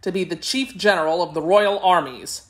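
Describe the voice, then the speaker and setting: A woman's voice: lowish voice, normal speed, close to an everyday voice. A woman voicing a tall male soldier risen to chief general in a storybook, speaking plainly and matter-of-factly. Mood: proud.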